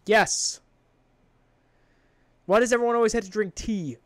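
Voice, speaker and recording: A man's voice: sits high, measured pace, dry recording. A man co-hosting a podcast in casual chat, ranting with plenty of swearing and exasperation. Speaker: podcast co-host.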